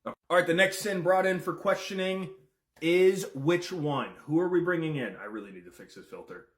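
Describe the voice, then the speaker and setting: A man giving casual commentary, firing off questions and swearing freely. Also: on the high side. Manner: rapid-fire questions, profane, excitable. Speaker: content creator.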